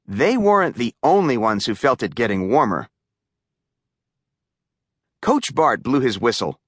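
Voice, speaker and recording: A woman narrating a children's audiobook in a slow, expressive storytelling manner. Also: very deep voice, slightly rough, no room sound, studio quality.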